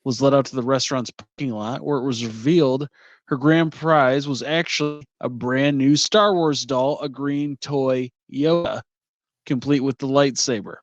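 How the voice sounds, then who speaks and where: A man's voice: mid-range voice, normal speed, dry recording, dull audio. Dry-sounding, amused male podcast co-host. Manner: relaxed, amused storyteller. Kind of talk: casual podcast chat, reading a news story.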